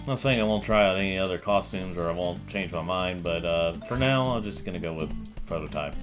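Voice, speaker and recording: A man's voice: low voice, brisk, music in the background. A man hosting a casual let's-play, talking in a rambling, hesitant way while he plays. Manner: rambling, hesitant, lots of fillers. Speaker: gaming channel host.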